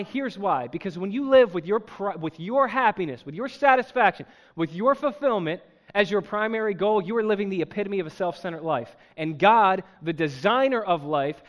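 Man, high voice, pastor, animated church sermon, emphatic delivery. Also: moderate pace, hardly any pauses. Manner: animated, emphatic preaching with asides and laughter.

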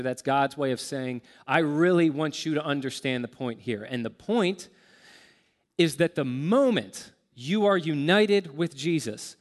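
A man preaching a sermon as pastor, earnest and emphatic, slowing to stress key words. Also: on the high side, big-room sound.

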